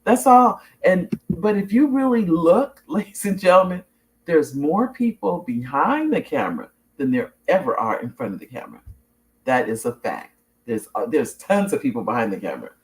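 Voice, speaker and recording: A middle-aged woman hosting her own show in a loose, chatty way. Her pitch swings widely as she tells stories, often breaking into laughter and restarting her sentences. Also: very animated, normal speed. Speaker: talk show host. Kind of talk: casual chat reading viewer comments.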